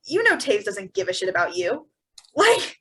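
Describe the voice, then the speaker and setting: A young woman co-hosting a podcast in casual chat, animated and sarcastic. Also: mid-range voice, husky, low-quality recording. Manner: animated, sarcastic, quick bursts. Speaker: podcast co-host.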